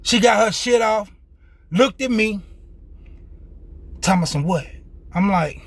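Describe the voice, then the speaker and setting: A man's voice: high-pitched, normal speed, a bit bright. A young man telling a casual, profane story in loose street slang as a vlogger.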